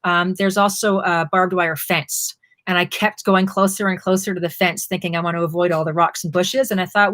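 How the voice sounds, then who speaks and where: A woman's voice: on the low side, brisk. A woman from Canada, co-hosting a live stream and vividly recounting a motorcycle trip in a casual chat. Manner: vivid, expressive storyteller. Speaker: co-host, motorcycle traveller. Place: home during quarantine.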